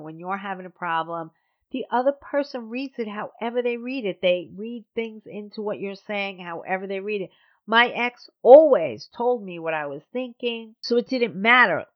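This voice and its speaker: A woman hosting a podcast, telling a personal story in a blunt, sardonic, animated way. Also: mid-range voice, lo-fi sound. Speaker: podcast host.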